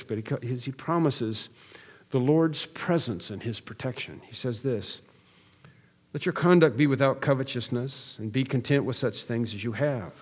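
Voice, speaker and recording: A man's voice: mid-range voice, a little mellow, in a large hall. A man preaching an expository sermon, earnest and emphatic, building through repeated phrases with frequent restarts. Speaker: pastor.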